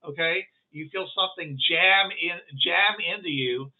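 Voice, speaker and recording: A man narrating a tabletop game as game master, halting and full of restarts. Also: on the high side. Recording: tinny phone-like line.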